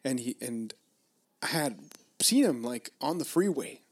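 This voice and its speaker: A laid-back man from Los Angeles rambles through a casual podcast chat at a middling pitch. He swears freely and often breaks into laughter. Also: expressive, measured pace, husky.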